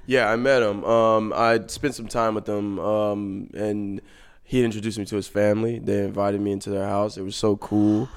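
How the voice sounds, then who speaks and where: A man, an actor, guest in a casual interview, talking in a laid-back, rambling way that often trails off quietly. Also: fairly low pitch, little pitch movement, moderate pace, clean tone.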